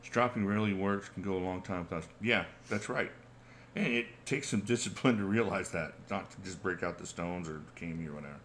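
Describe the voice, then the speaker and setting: A man's voice: low voice, brisk, a bit bright, slight background noise. A man in his forties hosting a casual livestream Q&A, chatty, reading viewer questions aloud and chuckling often. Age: 40s. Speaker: channel host.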